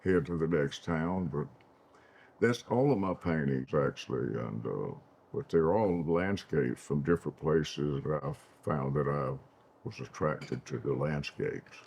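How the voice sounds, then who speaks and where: Older guy, super deep gravelly voice, thinks out loud. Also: a little hiss or hum. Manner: slow, reflective, trails off. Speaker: guest, singer and painter. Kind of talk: casual conversation.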